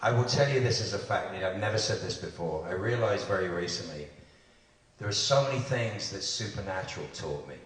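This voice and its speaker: An older man on a panel stage, low-pitched and lively as he jokes. His voice booms around a big echoey convention hall and reaches the phone from far away. A hiss of noise sits under it. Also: a little fast. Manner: joking, slips into mock voices. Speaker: actor panelist.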